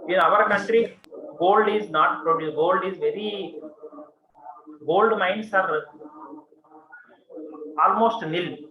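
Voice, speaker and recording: A man's voice: sits high, slow, pauses often. A man with an Indian English accent lecturing a classroom on commerce, repeating points and checking in with "okay" and "see". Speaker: commerce teacher. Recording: muffled classroom recording with students.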